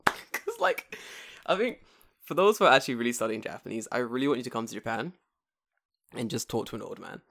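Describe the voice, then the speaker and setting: Un hombre joven de Londres con acento londinense, que cuenta anécdotas en una charla informal, con muchas palabrotas y arrebatos de voz fuerte. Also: male voice, medium pitch, fairly quick, gravelly, pauses often. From England. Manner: profane, animated storytelling with sudden loud outbursts. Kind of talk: casual chat.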